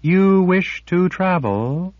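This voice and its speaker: A man voicing a timid, cold female creature made of quicksilver, speaking slowly and distantly in a storybook reading. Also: high voice, no echo, pitched above the performer's own voice. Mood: eager. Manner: slow, distant, wounded. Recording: dull lo-fi audiobook recording.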